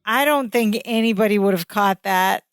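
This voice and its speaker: A woman's voice: medium pitch, normal speed, dry recording, clean studio sound. A woman co-hosting a podcast, casually recapping a sitcom episode and mimicking the characters' lines and reactions. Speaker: podcast co-host.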